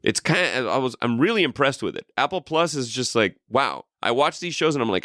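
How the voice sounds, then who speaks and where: Male podcast co-host: bright, dry sound, rambling and profane. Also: mid-range voice, expressive, brisk, few pauses, dry recording. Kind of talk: casual chat.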